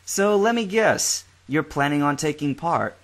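A casual teenage boy with a wry, slangy way of talking, a bit higher and livelier than the narration, as a man reads him. His lines bounce in this fan-fiction audiobook. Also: animated, measured pace, a bit bright. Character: sarcastic teenage boy trainer, easygoing.

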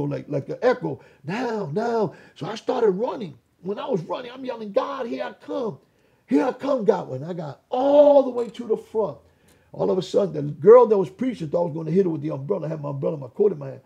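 A man giving a testimony in an interview, storytelling in an animated way and acting out the voices of people he quotes. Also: sits high, fast, creaky, breathy edge, muffled recording. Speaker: interview guest.

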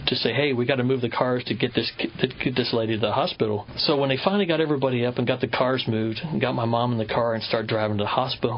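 A man's voice: lowish voice, muffled recording, a little hiss or hum. A man from Kentucky in his fifties, a river scientist guesting on a radio interview, telling stories thoughtfully with frequent restarts. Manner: thoughtful, unhurried storytelling with restarts.

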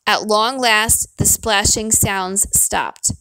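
Brief: woman narrator reading a novel, expressive, dry close sound. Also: mid-range voice, slow pace, clear, resonant tone, no echo. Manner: expressive first-person storytelling.

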